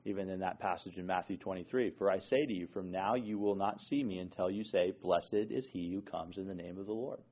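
A man's voice: sits low, fairly quick, few pauses, darkish tone, highs cut off. A man preaching a conversational sermon to a congregation, often checking in with 'right?' as he explains scripture.

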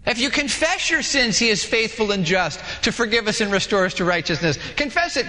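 Pastor guy preaching, high and bright, does little voices for the dialogues, echoey big hall. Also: fairly quick. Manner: animated, acts out dialogues with shifting voices. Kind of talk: sermon. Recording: long hall reverb.

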